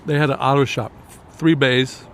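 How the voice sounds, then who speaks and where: A man's voice: mid-range voice, fairly even intonation, moderate pace. Chatty fifties male guest, a storyteller who hops between anecdotes over faint traffic outside. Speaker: guest, guitarist. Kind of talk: casual conversation. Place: outdoor restaurant patio at night.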